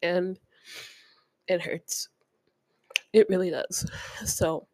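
A tearful woman hosts her podcast, talking close to the mic in a soft, earnest voice and sniffling now and then. Her delivery drifts between heartfelt chat and spoken prayer, with small nervous laughs. The sound is dry and close, and her pitch sits in a middle range. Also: steady tone, slow pace, long pauses, dry recording. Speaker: podcast host.

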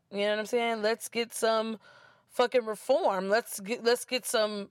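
A woman's voice: on the high side, measured pace, clean tone, no echo, clean studio sound. A woman with an African American English accent telling a casual story, blunt and profane, mocking the people she quotes. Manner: blunt, profane, animated, mimics others mockingly.

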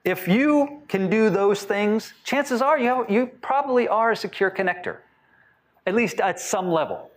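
A man's voice: high voice, expressive, normal speed. Man teaching with many questions. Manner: conversational, asks the audience many questions, acts out quotes. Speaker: speaker teaching on attachment styles. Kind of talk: talk to a live audience.

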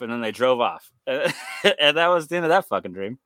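A young man on a casual podcast, telling long winding stories full of curse words. He acts out the people in them as he goes. His voice is bright and tense, recorded dry and close with no room sound. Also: a little high, very animated, normal speed, no echo. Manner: rambling storyteller, swears a lot, acts out quoted voices. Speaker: podcast co-host. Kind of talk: casual chat.

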